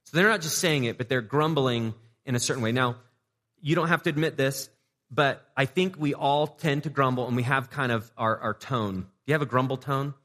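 A man's voice: mid-range voice, fairly quick, fairly bright tone, big-room sound. A man preaching a sermon as a pastor, talking conversationally, asking the audience rhetorical questions and repeating words as he restarts.

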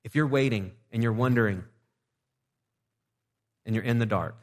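A male pastor gives a sermon in a relaxed, conversational way, slipping into playful asides. His voice sits at an ordinary middle pitch for a man. The sound carries the long reverb of a church sanctuary. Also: moderate pace.

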